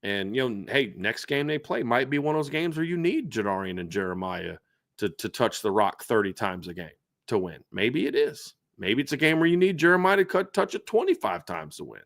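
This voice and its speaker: Man, sports show host, animated casual talk, stammering restarts, dry close sound. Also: mid-range voice, fairly quick, dry recording. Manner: animated, repeats words when starting sentences. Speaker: podcast host.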